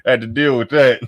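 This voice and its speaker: A man's voice: mid-range voice, no room sound. A man hosting a casual livestream chat, laid-back with loose slang and frequent laughter, reading out viewer messages. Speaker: show host.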